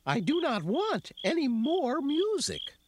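A woman doing a squeaky tired little mouse. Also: takes it slowly, heavily acted. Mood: pleading. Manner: high squeaky pleading voice, growing desperate. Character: tired sleepy little female mouse, pleading. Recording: audiobook with steady background noise.

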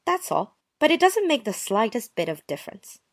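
Woman acting prim young woman, sarcastic, wounded politeness, lively swooping pitch. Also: normal speed. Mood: offended. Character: touchy young woman, prim and passive-aggressive. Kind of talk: dramatized short story reading.

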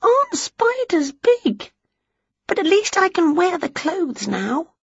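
A woman's voice: very high-pitched, slow, dry recording, muffled recording, voice pushed up, full character voice. A woman voicing a scatterbrained, cheerful witch in a read-aloud storybook. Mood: excited. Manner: excitable, exclamatory. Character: dizzy, cheerful middle-aged witch woman.

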